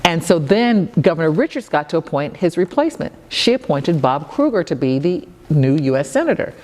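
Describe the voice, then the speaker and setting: A woman in her sixties with a low voice, telling stories in an interview. She brings the people she quotes to life with her voice. The recording carries a long reverb tail. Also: brisk. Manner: lively storyteller who acts out quoted dialogue. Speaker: federal judge, interview guest. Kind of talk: conversational interview storytelling.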